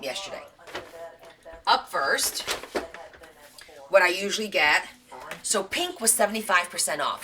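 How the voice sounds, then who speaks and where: A woman's voice: fairly low pitch, noisy background. Woman craft host, casual live show-and-tell, gushing and chatty; voice swoops up and down a lot. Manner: chatty, gushing over thrift finds.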